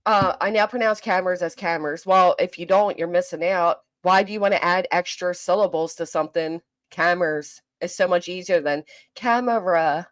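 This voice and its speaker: This livestream host, a woman with a lowish voice and a South Jersey accent, casually chats with viewers and reads their comments, fast, clipped, teasing and profane.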